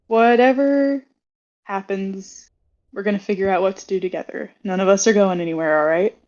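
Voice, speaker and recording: A woman's voice: medium pitch, darkish tone, muffled recording, natural voice. A woman as a sincere young hero. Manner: slow, earnest confession.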